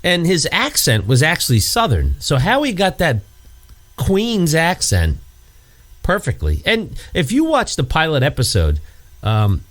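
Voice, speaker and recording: Lively, rambling man telling stories. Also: measured pace. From New York area. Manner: rambling storyteller, swears, acts out scenes in high put-on voices. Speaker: podcast co-host. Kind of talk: casual chat.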